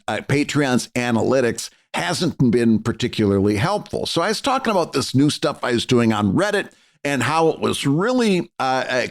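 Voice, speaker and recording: An American man co-hosting a podcast, explaining things in a relaxed, rambling chat. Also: medium pitch. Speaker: podcast co-host. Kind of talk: casual chat.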